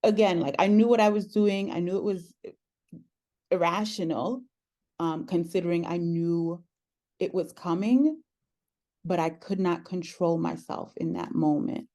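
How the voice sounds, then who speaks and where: A woman with a low, mellow voice, a podcast host appearing as a guest, tells a personal story in an unhurried conversation. Earnest and reflective, she pauses often with soft "um"s while gathering her thoughts.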